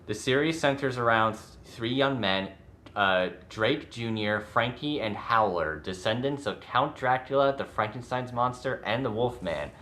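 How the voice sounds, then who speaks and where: A man's voice: medium pitch, animated, normal speed, pushed and bright. A man co-hosting a podcast in casual chat, rambling a bit as he reads out a show premise. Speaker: podcast co-host.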